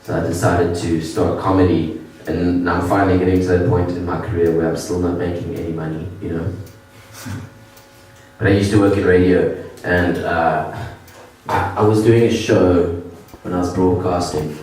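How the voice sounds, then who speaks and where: A male stand-up comedian with a lowish voice, talking in a self-deprecating way with halting restarts. The sound is very echoey and taken from some distance, with faint noise behind. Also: steady tone, darkish tone. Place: comedy venue with audience. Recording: echoey room from afar.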